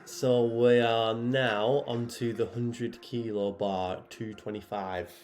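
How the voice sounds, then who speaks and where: Narrating his own workout footage, a head programmer who is also an athlete talks in a loose, chatty manner with many fillers. He speaks slowly in a mid-range voice over soft background music.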